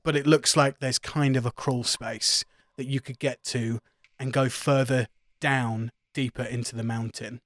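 A man's voice: medium pitch, fairly even intonation, measured pace, a bit bright, no room sound. A man narrating as game master of a tabletop role-playing game, laughing along with his players.

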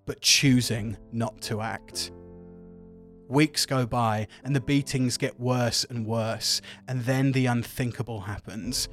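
Male game master, grave storyteller, mid pitch, faint music bed. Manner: solemn descriptive storytelling. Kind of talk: narrating a tabletop game.

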